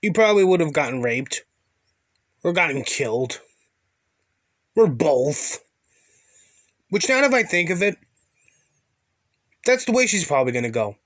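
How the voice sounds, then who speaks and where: A man with a fairly high voice and a dry, close sound, delivering sneering commentary. He is crude, sarcastic and insulting throughout. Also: big pitch swings, unhurried, pauses often, fairly bright tone, no echo. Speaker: commentator reacting to a video. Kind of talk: mocking commentary.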